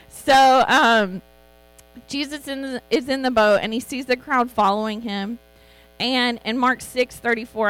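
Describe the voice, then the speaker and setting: A middle-aged woman giving an informal, chatty sermon as a Bible teacher, animated and quick to laugh. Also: on the high side, rough recording.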